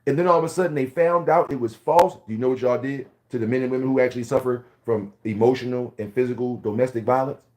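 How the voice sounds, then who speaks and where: A man's voice: medium pitch, fast, few pauses, darkish tone. Blunt profane man from Philadelphia, ranting. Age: 40s. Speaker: vlogger. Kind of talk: casual ranting monologue.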